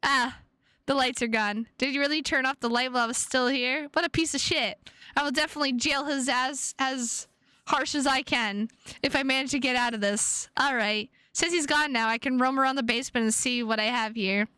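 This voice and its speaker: Young woman, streamer, high bright voice, smooth clean tone, animated, swears a lot, reads visual novel aloud. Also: fairly quick, no echo. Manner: animated, swears freely, heavy "like" fillers.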